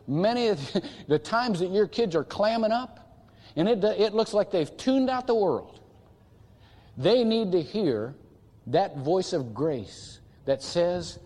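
A man's voice: high voice, a little mellow. A man preaching a sermon as pastor, earnest and emphatic, with repeated phrases and restarts. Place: church sanctuary. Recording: church hall reverb.

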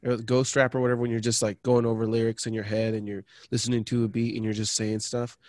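A man's voice: mid-range voice, flat delivery, fast talker, darkish tone, no echo. Rambling, cursing man in casual chat. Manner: rambling, swears freely, trails off. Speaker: podcast co-host.

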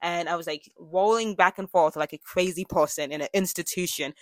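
Speaking fairly quickly with few pauses, a young adult woman hosts a podcast in a fairly low-pitched voice, with no echo. Her casual monologue is candid and chatty, marked by frequent fillers and restarts.

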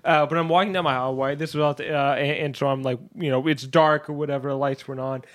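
A man co-hosting a podcast, telling a story in a lively, animated way with bursts of laughter. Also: a little high, fast. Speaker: podcast co-host. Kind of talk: casual chat.

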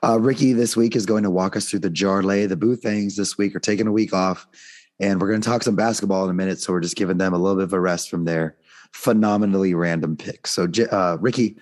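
A man hosting a casual sports betting chat, upbeat and leading the segments, his voice going hoarse. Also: low-pitched, steady tone, quick pace, a little mellow. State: losing his voice. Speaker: podcast host.

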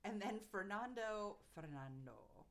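A woman's voice: mid-range voice, lively intonation, unhurried. A woman co-hosting a podcast, recapping events in casual chat with fillers and playful mock quotes. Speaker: podcast co-host.

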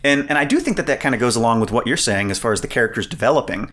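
A man co-hosting a podcast, chatting casually about a movie and getting animated when retelling scenes. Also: medium pitch, very fast. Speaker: podcast co-host. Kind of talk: casual film discussion.

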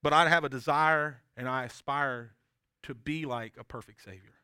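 A man's voice: mid-range voice, steady tone, normal speed, pushed and bright, smooth, no echo, clean studio sound. A man preaching a sermon as pastor, talking in an earnest, conversational way with frequent restarts and tag questions.

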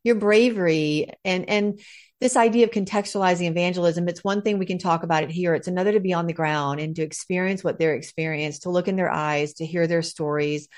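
A woman hosts an interview in a somewhat low voice. She responds to her guest with affirmation and open emotion, often murmuring agreement. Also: fairly quick, a little mellow. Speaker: interview host. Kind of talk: conversational interview.

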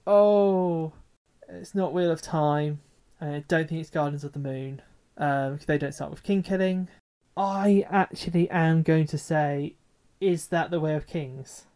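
A man's voice: a little high, a little slow, dark tone, smooth. A man co-hosting a podcast in casual chat, enthusiastic and teasing. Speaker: podcast co-host.

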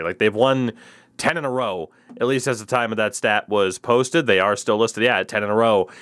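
A man hosting a casual sports podcast, joking and rambling in an animated way. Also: mid-range voice, fairly quick. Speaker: podcast host.

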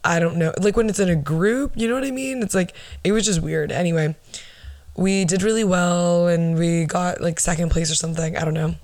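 A young woman with a soft, low alto voice that sounds worn out, as if she is losing it. She rambles casually through her stories with plenty of asides. The recording is close and dry. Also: fairly quick, no room sound. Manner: chatty, rambling with asides and laughs. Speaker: podcast host. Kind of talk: casual solo podcast storytelling.

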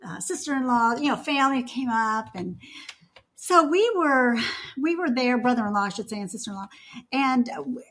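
A woman with a fairly high voice chats as a guest on a faith talk show. She tells a home story casually and with animation, often breaking into laughter. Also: normal speed. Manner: animated, laughing anecdote-telling.

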